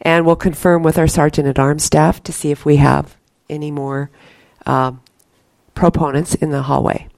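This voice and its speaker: Woman committee chair, formal and courteous, a little halting, with some vocal fry. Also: deep voice, little pitch movement, darkish tone, no echo. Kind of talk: formal hearing procedure.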